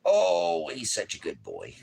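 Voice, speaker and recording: Low and husky with some vocal fry, his voice moves at a normal speed. He's a preacher with a small ministry who rambles in a casual livestream manner, joking along the way and pausing between points to speak to his dog.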